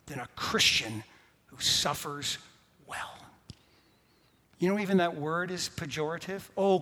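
A man pastor preaching a sermon, swinging from hushed, whispered lines to loud, emphatic ones. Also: fairly high pitch, slightly rough. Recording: reverberant hall.

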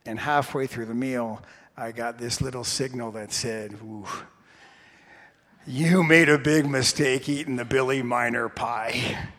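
A man's voice: mid-range voice, steady tone, unhurried, a bit bright. A pastor in his sixties telling a humorous personal story during a sermon. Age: 60s. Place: church sanctuary. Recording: long hall reverb.

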